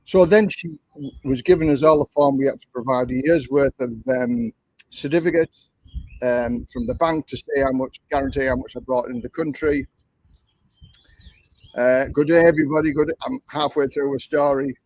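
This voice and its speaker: A man's voice: mid-range voice, fairly even intonation, moderate pace, darkish tone, poor audio. An older man with an English accent, telling a long story in a chatty, repetitive way while hosting a livestream. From England. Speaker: livestream host.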